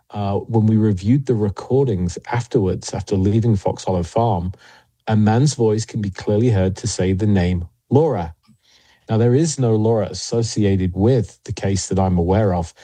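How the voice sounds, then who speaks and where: A man as an interview guest, telling investigation stories in a measured way with frequent pauses and fillers. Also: on the low side, mellow, slightly rough, no echo. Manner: measured, many fillers and restarts. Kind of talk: interview storytelling.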